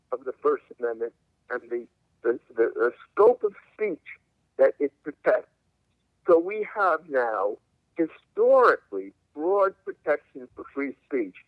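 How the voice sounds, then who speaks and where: A man's voice: a little high, no room sound. An older man, a civil liberties attorney, argues his points emphatically and like a lawyer while being interviewed over the phone. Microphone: telephone. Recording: tinny dry phone line.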